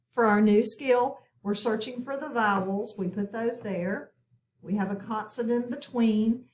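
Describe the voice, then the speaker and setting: A woman walks learners through a phonics lesson in a slow, patient way. Her voice sits a little high. The recording has a noticeable room echo. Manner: patient, step-by-step instruction. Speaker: phonics teacher.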